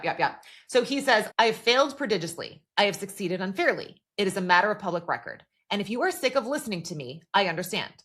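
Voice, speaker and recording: A woman's voice: medium pitch, a bit bright. A woman co-hosting a podcast, retelling TV scenes in casual chat, quoting characters and using a lot of filler words. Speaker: podcast co-host.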